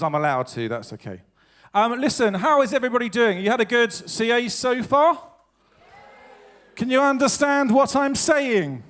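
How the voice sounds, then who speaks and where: A man's voice: high-pitched, fairly bright tone. A man hosting a live evening show, chatting with the audience in a self-mocking, jokey way. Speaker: stage host introducing acts. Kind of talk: comic stage banter with the audience. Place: stage at a live evening event.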